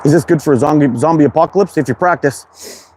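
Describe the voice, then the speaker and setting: This man talks fast in a slightly high, somewhat mellow voice while casually hosting an outdoor slingshot livestream. A Canadian with a Quebec accent, he reads chat names aloud and greets viewers in a relaxed, friendly manner, swearing casually. Cold wind and outdoor ambience fill the background.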